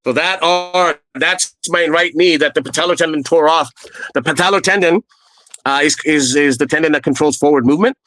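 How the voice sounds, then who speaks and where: A middle-aged man from Canada, a guest telling his own story in a blunt, lively way and acting out what others said. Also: brisk, dry recording, poor audio. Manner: re-enacts quoted people with raised pitch, blunt and profane. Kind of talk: animated personal storytelling.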